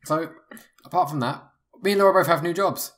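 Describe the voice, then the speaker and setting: Fast-talking man rambling in casual chat. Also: a little high, fairly bright tone. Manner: rambling, jokey, stumbles over words. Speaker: podcast co-host. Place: spare room at home.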